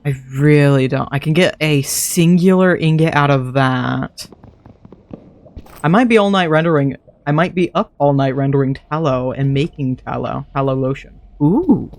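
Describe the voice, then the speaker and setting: A man's voice: a little high, normal speed. A man streaming a modded game, chatting casually and thinking aloud to himself as he plays. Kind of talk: casual gameplay commentary.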